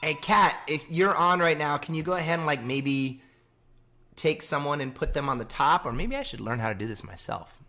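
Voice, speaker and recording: A man's voice: a little high, normal speed, sharp tone. A man chatting casually on a live stream from home, rambling, laughing often and reading out viewer messages.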